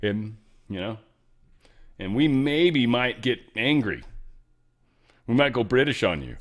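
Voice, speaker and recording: A man hosting a news commentary show, in animated, jokey talk that swings between loud remarks and soft asides. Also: lowish voice, normal speed, pauses often. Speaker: show host.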